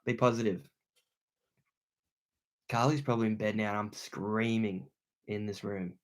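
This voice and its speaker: A man's voice: lowish voice, steady tone, unhurried, pauses often. Upbeat Australian man reading stream comments. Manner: upbeat, shouts out viewers, laid-back slang. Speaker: outdoor channel host. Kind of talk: livestream chat reading comments. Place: indoor room at home.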